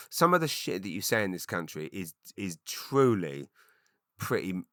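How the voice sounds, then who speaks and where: A man hosts a solo podcast, rambling in a chatty and self-mocking way. His voice is bright and forceful but sits low, and the room sounds dry and close. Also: very animated, normal speed, dry recording. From Britain. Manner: chatty, self-mocking, with frequent ums and restarts. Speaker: podcast host and comedian.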